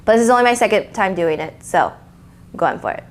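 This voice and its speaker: A woman's voice: medium pitch, lively intonation, a little fast. A woman leading a live lettering lesson, chatty and encouraging, with fillers and restarts. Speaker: art instructor.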